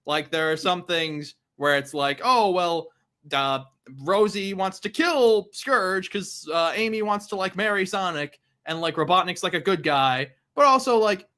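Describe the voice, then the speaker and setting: A young man guest on a casual comics podcast, talking in a hesitant, halting way. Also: sits high. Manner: hesitant, many ums and restarts, relaxed.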